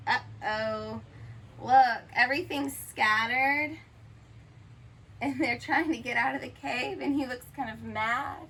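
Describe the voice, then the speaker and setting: A woman teacher reads a picture book aloud to children. Her slow, expressive delivery pauses for questions, and her voice has a slightly high, bright tone. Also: slight background noise, rough recording. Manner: expressive, asks the listener questions.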